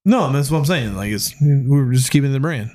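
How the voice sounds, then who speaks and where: A man's voice: medium pitch, expressive, fast, warm tone. A man talking in an easygoing way on a casual podcast, seated on a living room sofa. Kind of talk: casual chat.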